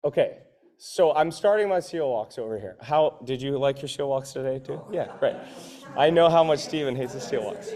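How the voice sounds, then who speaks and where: A man coaching a gym class in a loose, conversational way, cursing freely and voicing the grumbles of people mid-workout. His voice sits a little higher than most men's. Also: a little mellow. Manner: conversational, swears casually, acts out inner voices. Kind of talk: casual talk to a class.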